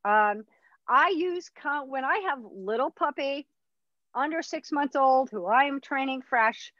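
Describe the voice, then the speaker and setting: A woman's voice: high voice, a little slow, a bit bright, dry recording, dull audio. A woman dog trainer teaching a puppy class in a chatty, upbeat way. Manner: chatty, upbeat instructor who acts out dog voices.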